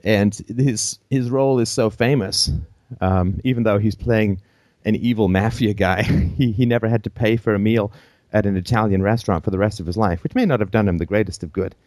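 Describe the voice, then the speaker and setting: A man with a very low voice hosts a call-in show, drifting through long anecdotes and chuckling along the way. The sound is dry and close, with no room around it. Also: a little fast, few pauses, darkish tone, no echo. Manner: rambling, anecdotal storytelling with chuckles.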